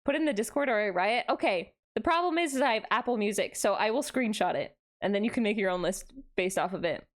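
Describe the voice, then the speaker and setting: Fast and expressive in a mid-range voice, a young adult woman VTuber chats casually on stream. She bubbles over, gasping hellos to chat and laughing a lot.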